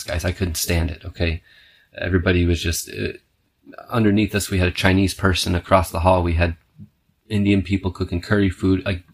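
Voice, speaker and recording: Deep-voiced male podcast host, swearing, scattered, storyteller energy. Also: husky. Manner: profane, rambling, punctuates with "okay"; restless, self-described scatterbrained. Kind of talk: casual storytelling monologue.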